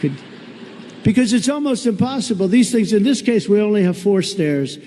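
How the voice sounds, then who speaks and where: A political candidate gives a blunt, sarcastic rally speech, returning to the same phrases again and again at a moderate, expressive pace. His voice is high for a man yet mellow, and a long reverb trails each line as in a big hall.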